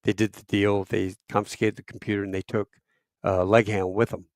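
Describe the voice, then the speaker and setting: A man in his fifties, a podcast guest telling a casual story, profane, with loud bursts and quiet asides. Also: on the low side, little pitch movement, fairly quick, no echo, studio quality.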